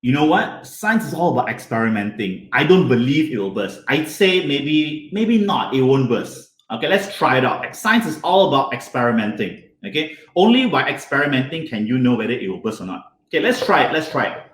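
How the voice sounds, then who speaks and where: A man teaching a hands-on science lesson to children, animated and constantly asking them questions. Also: medium pitch, fairly quick, hardly any pauses, reverberant.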